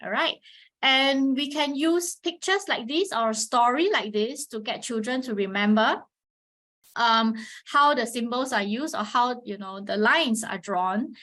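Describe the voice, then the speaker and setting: Woman presenter, a bit high-pitched, patient teacher's delivery for an online class. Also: measured pace. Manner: patient teacherly explaining, frequent "all right" check-ins; models Mandarin tones with sharp pitch swings. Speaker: webinar presenter on teaching Chinese. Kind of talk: instructional webinar talk.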